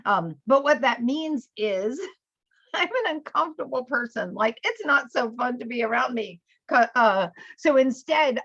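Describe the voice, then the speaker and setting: Female teacher, slightly high voice, slow explanatory pacing; dull, dry lo-fi recording. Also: fairly bright tone, no room sound. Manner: explains with many "um" fillers, slows for German words. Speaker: German teacher. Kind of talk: classroom vocabulary lesson.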